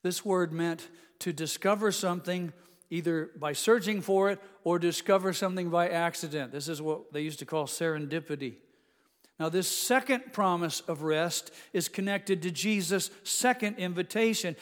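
A man in his sixties delivering a sermon with a fairly high voice. He moves between ringing, emphatic proclamations and soft, close storytelling, and a long reverb trails his words. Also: normal speed. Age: 60s. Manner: swings from loud emphatic declarations to hushed intimate storytelling. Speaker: pastor.

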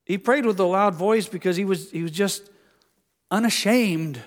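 An older man preaches to his congregation, his voice sitting high for a man. He asks them questions directly and earnestly. His words ring with a long reverb through the church hall. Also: moderate pace. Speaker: pastor. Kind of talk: sermon. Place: church sanctuary.

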